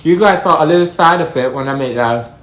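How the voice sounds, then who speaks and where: Outspoken woman from Jamaica, echoey room. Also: a little fast. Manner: blunt, outspoken, swears freely, lively swings in pitch. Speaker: vlogger. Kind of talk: casual monologue to camera. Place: room with echo, eating while talking.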